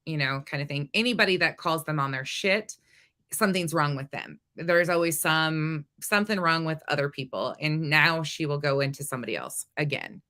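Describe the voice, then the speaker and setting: A woman's voice: deep voice, moderate pace, bright, forceful tone. A woman hosting a reaction commentary, blunt, sarcastic and profane. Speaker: commentary host. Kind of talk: reaction commentary on livestream clips.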